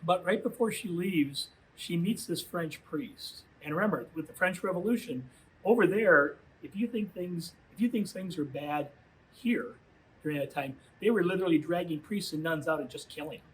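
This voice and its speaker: A man giving a youth minister's storytelling talk to high school students, conversational and full of filler phrases. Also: moderate pace, low-quality recording.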